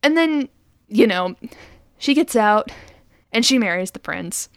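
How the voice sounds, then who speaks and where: A woman co-hosting a film podcast, retelling scenes in an animated, chatty way with lots of fillers. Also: medium pitch, unhurried, clean tone, no echo, studio quality. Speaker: podcast co-host. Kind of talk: casual film discussion.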